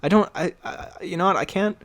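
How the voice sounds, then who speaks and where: A man co-hosting a podcast in casual chat, animated and laughing often as he talks. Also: high-pitched, a little fast, creaky. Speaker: podcast co-host.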